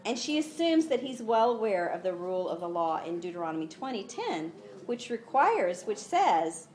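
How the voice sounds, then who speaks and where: With a medium-pitched voice at a moderate pace, a woman leads a conversational Bible lesson for women, frequently saying "you know." She animates the quoted lines by raising her voice, and there's a little hiss or hum.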